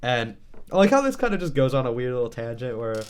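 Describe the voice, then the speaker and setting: A man in casual chat as a manga discussion co-host, enthusiastic and quick to laugh. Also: mid-range voice, big pitch swings, smooth. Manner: enthusiastic, laughing, acts out quotes.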